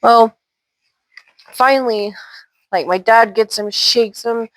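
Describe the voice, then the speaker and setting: Her voice a little high and her pace slow, the Washington State channel host casually recounts paranormal tales with chatty asides. There's no room sound.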